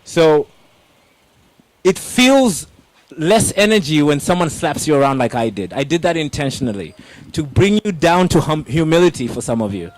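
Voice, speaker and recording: A young man giving an energetic motivational talk on public speaking, addressing the audience directly with emphatic questions. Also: fairly high pitch, normal speed, no echo.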